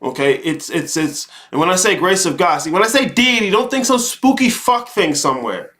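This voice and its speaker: This is a man with a high-set, sharp voice hosting a live talk stream. He preaches in a cursing, heated rant. He doubles back on his own words and punctuates his points with rhetorical questions. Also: lively intonation, moderate pace. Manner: repeats words, frequent rhetorical "okay?". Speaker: host. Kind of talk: live-streamed spiritual monologue.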